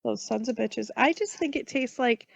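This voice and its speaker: A woman's voice: a little high, moderate pace, vocal fry. A woman co-hosting a casual podcast, making blunt, wry remarks. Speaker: podcast co-host.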